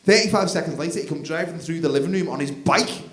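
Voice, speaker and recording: A man doing live stand-up comedy on a theatre stage, telling stories in a conversational, animated way. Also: a little high, fast. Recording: echoey theatre, loud crowd noise.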